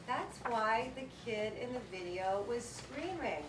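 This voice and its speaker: A woman giving a motivational workshop talk to a live audience, telling stories in a lively, chatty way with frequent laughter. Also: medium pitch, takes it slowly. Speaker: workshop presenter. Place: event room with a seated audience. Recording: echoey room, voice from far off, background noise.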